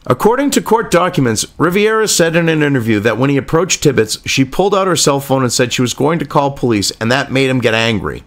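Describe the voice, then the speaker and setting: Animated, profane male commentator. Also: mid-range voice, fast, few pauses. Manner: profane, sarcastic, indignant. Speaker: political commentator. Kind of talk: ranting commentary.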